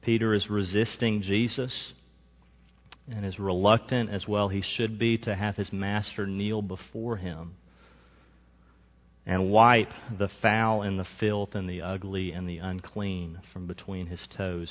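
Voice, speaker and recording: A man preaching a sermon in a measured, emphatic way, slowing down to stress key phrases. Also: deep voice, fairly even intonation, in a large hall, highs cut off. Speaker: pastor.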